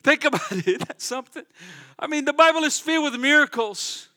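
A fervent male pastor delivers a sermon to his congregation in a church sanctuary, talking a little fast with lively intonation. His voice sits high and bright with a ringing tone, shifting between loud, emphatic proclamations and hushed, conversational asides.

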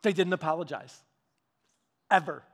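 Delivering a sermon, a pastor with a voice on the high side retells scripture in a lively, conversational style. He acts out quotations and drops to a soft, slow delivery for the verses.

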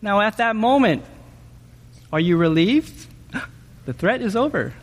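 A man preaching a sermon in an animated way, often asking his listeners questions and checking in with them with "okay?". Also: high-pitched, unhurried, long pauses, big-room sound. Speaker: pastor.

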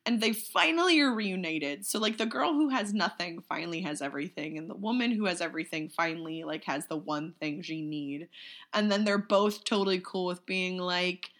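A woman chatting casually about a movie, animated and jokey. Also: fairly low pitch, normal speed. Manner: animated, jokey, does silly voices.

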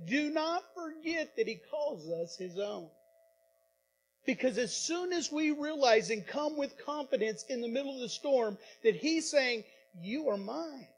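A male pastor preaching a sermon, with dramatic pauses, repetitions and rising emphasis in a church. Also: very high-pitched, slight background noise, poor audio.

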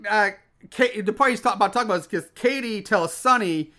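Chatty man with a high, bright voice. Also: brisk. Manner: rambling, profane, laughs often, acts out characters' lines. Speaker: podcast co-host recapping a film. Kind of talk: casual movie recap chat.

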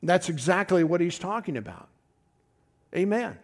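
A man's voice: high voice, expressive, moderate pace. A middle-aged man preaching a folksy, conversational sermon, often calling out to his congregation.

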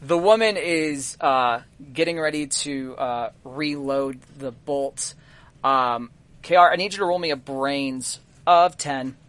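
A man narrating a tabletop game as game master, unhurried and full of fillers. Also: medium pitch, smooth. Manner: relaxed, halting narration with many fillers.

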